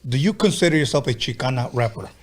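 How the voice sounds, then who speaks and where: A man's voice: mid-range voice, expressive, fast talker. A man hosting a podcast interview, asking questions and agreeing often. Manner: agreeable, frequent "right, right" backchannels. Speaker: podcast host.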